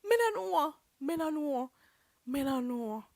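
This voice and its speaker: A woman putting on a loud Jamaican patois voice. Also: high-pitched, lively intonation, unhurried, creaky, no room sound, studio quality, pitched above the performer's own voice, heavily acted. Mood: playful.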